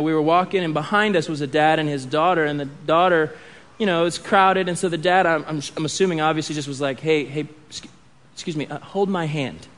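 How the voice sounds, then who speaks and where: A pastor in his thirties preaches conversationally, with restarts and asides. His voice is a little high and a bit bright.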